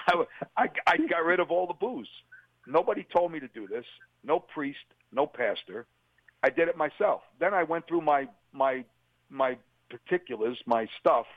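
A man's voice: on the high side, normal speed, no room sound. New man telling testimony over a tinny line. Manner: storytelling, acts out quotes. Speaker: guest. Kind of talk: personal testimony.

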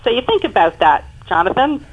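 A woman in her fifties, a guest on an interview show, telling her family's story in an emphatic, animated way. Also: fairly high pitch, fairly quick, slightly rough, narrow, tinny audio. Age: 50s. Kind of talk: personal storytelling in conversation.

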